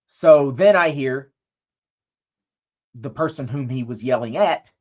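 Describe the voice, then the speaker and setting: A man's voice: medium pitch, takes it slowly, dull audio. A man co-hosting a podcast, telling a long story in a loose, profane way and acting out what people said. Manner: profane, rambling anecdote with acted-out quotes. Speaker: podcast co-host. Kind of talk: casual storytelling chat.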